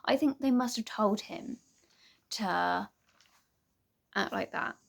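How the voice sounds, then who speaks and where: A woman's voice: mid-range voice, slow pace, creaky. A young woman vlogger chatting casually to camera, rambling and hesitant with many restarts.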